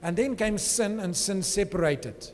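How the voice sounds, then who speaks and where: A man preaching a sermon in a high, bright-pitched voice. He speaks with emphatic conviction and keeps checking in with his listeners. The sound carries a long hall reverb, with faint music underneath. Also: expressive, unhurried. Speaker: pastor. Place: church.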